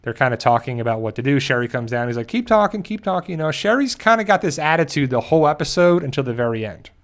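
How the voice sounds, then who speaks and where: A man's voice: mid-range voice, sing-song. Man casually recapping a TV episode. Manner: rambling, with frequent restarts and quick acted-out quotes. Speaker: show host.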